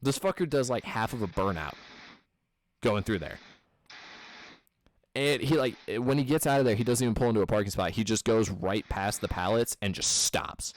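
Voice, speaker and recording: Young midwest guy, low-ish voice, loose sweary storytelling, lots of "like". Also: expressive, moderate pace. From American Midwest. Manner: rambling storyteller, swears a lot, many fillers. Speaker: podcast co-host telling a work story. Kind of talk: casual chat.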